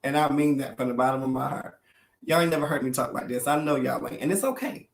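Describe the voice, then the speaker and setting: A man's voice: mid-range voice, fast, gravelly, reverberant. A man, talking to camera about his own life in an emotional, preacherly way and calling his viewers y'all. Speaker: vlogger sharing his life story. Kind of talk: heartfelt personal vlog to camera.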